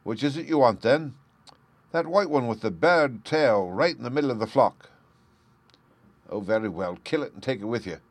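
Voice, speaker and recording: A man voicing a brisk, huffy countrywoman. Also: mid-range voice, expressive, no room sound. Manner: matter-of-fact, slightly huffy. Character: brisk practical countrywoman, the thief's sister.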